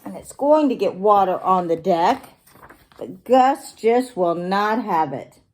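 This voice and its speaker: A teacher reading a picture book aloud to young children, stopping to explain and ask them questions. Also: female voice, mid-range voice, slow pace. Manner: animated, asks the children questions.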